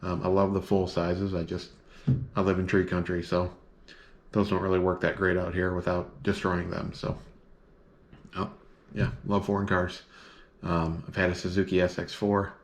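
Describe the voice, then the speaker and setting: A man's voice: low voice, monotone, normal speed, echoey room. A man from the northern United States talking casually to camera as a vlogger, rambling with many ums and restarts.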